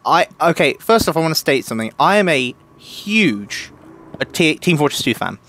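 Young man, podcast guest, eager and rambling, slightly high voice. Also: big pitch swings, moderate pace, a bit bright, a little hiss or hum. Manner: enthusiastic, gushing, stumbling restarts. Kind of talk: casual podcast chat.

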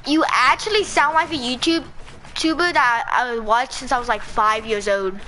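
A woman chatting with friends while playing an online game, teasing and excitable. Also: on the high side, normal speed. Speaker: player. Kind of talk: casual game chat. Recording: noisy game audio behind.

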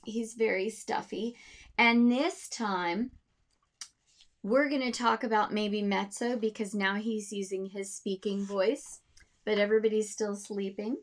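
A woman's voice: mid-range voice, fairly bright tone. A woman music teacher explaining how to teach music with storybooks, demonstrating sounds and voices for her students.

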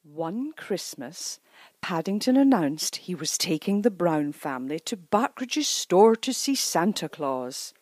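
A woman reads a children's picture book aloud at an unhurried pace, her voice rising and falling with the story. The sound is dry and close. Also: on the low side, no echo. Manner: slow, lively storytelling.

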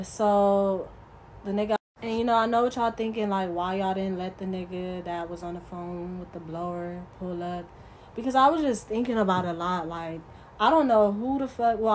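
A woman's voice: mid-range voice, darkish tone, slight background noise, rough recording. A woman vlogger telling a casual storytime, profane and emphatic, talking straight to her viewers.

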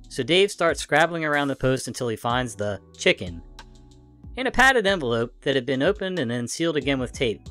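A man narrating funny internet stories in a lively, expressive way. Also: medium pitch, a little fast, faint music behind. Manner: lively, expressive, acts out the dialogue. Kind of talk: reading internet stories aloud.

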